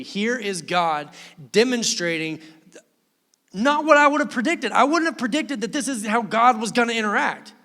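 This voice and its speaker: A male pastor preaching an animated sermon, acting out quoted voices as he goes. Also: very high voice, normal speed. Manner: animated, acts out quoted voices, laughs often. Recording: long reverb of a church hall.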